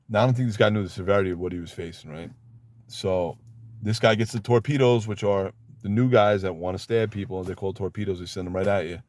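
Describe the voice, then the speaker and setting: A man's voice: deep voice, steady tone, fast, a little mellow, no echo. A man who served time giving blunt, emphatic advice about prison life in a casual monologue. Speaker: former inmate giving advice.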